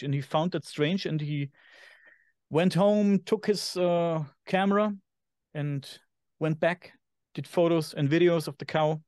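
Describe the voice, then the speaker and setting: A man with a German accent, co-hosting a podcast in casual chat and sometimes pausing to search for English words. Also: fairly high pitch, a little mellow, no room sound, studio quality. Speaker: podcast co-host.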